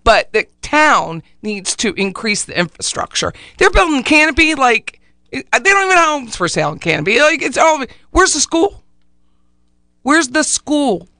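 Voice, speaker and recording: Guy with a high bright voice, super crisp, griping about local roads, dry close mic. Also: no room sound. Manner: animated, opinionated, quick to laugh. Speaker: talk show co-host. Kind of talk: casual radio chat.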